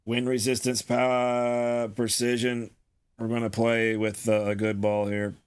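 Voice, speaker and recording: A man's voice: medium pitch, monotone, measured pace, smooth. A man giving casual gameplay commentary, exasperated and groaning, often repeating himself and swearing. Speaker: gaming streamer.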